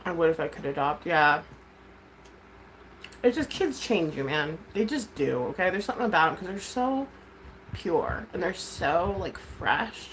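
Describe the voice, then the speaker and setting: A woman in her thirties talking candidly to her livestream viewers, rambling from thought to thought and swearing freely. Her voice sits a little low, with a faint hiss of background noise behind it. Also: sing-song, a little slow, fairly bright tone, low-quality recording. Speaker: livestream host, mom. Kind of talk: casual livestream chat.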